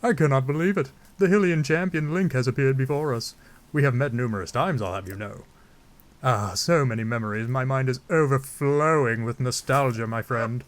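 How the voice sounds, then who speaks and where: A man gives voice to King Dorephan, a huge, booming old fish-king who is courteous and regal. His mid-range natural voice moves at a moderate pace, and the speech is formal, stately, and old-fashioned.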